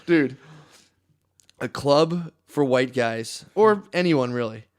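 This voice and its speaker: A man's voice: medium pitch, takes it slowly. A young man co-hosting a podcast, telling rambling stories in casual chat, laughing often and swearing heavily. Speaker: podcast co-host.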